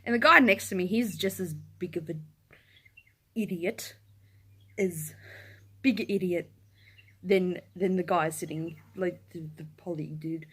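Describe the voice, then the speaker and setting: A young woman telling a story to camera in a casual rant, swearing, laughing and acting out what people said. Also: fairly low pitch. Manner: animated, swears, breaks into laughter, acts out quotes in shouts. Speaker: vlogger. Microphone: camera in front of her.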